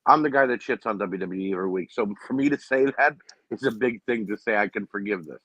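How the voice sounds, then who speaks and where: A man's voice: fairly low pitch, quick pace, fairly bright tone, no echo. Opinionated man on a dull dry mic. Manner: opinionated, frequent "you know what I mean". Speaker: podcast co-host. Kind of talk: casual wrestling recap.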